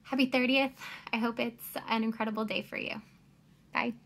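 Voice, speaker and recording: A woman's voice: a little high, level tone, normal speed, a bit bright. A woman giving a chatty, encouraging birthday message.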